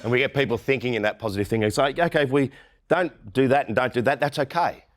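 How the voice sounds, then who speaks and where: A man's voice: mid-range voice, quick pace. A middle-aged Australian man giving a conference keynote talk, blunt and irreverent, often mimicking the people he mocks. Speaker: keynote speaker.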